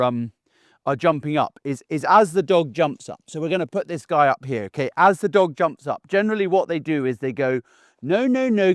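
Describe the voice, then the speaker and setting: A man's voice: on the high side, dry recording, studio quality. A middle-aged man, a dog trainer, giving an instructional talk to camera in an assertive, down-to-earth way, often checking in with "okay?". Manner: plain-spoken, assertive, down-to-earth.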